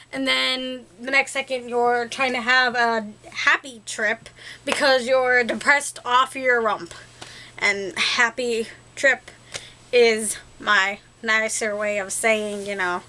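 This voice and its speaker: Talking casually to her vlog audience, a young woman wanders through her thoughts, filling gaps with fillers and little self-mocking giggles. The voice is bright and forceful, pitched fairly high.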